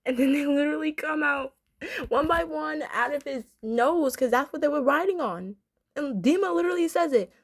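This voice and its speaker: A woman in her twenties reviewing a cartoon episode in a casual, excitable way, gushing and repeating herself as she talks. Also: high-pitched, normal speed.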